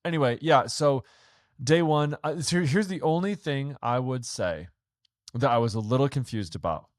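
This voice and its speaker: A man co-hosting a podcast in casual chat, eager and upbeat and quick to agree. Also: mid-range voice, animated, no room sound, clean studio sound. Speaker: podcast co-host.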